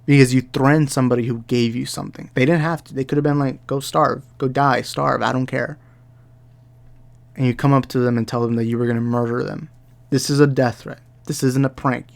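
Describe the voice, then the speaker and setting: Young man, gravelly voice, heated ranting commentary, repeats himself, middle pitch. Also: darkish tone. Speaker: commentary YouTuber. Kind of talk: angry reaction commentary.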